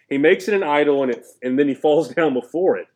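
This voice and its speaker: A man's voice: a little high, moderate pace, darkish tone. A man preaching a conversational sermon, reading scripture aloud with emphasis and asking his listeners questions. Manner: conversational, asks the listeners questions, jokes and laughs. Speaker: pastor.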